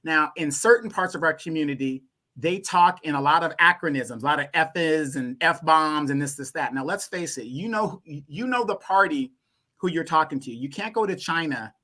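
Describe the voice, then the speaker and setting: A man from Louisiana, a guest on a talk show, speaking bluntly and animatedly. His pitch jumps up when he makes a point. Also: sharp tone. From Louisiana, USA. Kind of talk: casual opinion talk.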